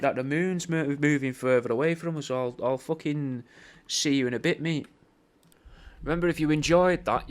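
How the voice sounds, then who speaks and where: A man hosting a podcast, rambling through a sweary, mock-conspiratorial comedic rant and calling the listener mate. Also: a little high. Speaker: podcast host.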